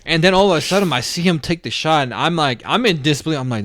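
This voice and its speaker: A man's voice: on the high side, lively intonation, fast, fairly bright tone. A man co-hosting a podcast in casual chat, laid-back and saying "bro" a lot. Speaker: podcast co-host.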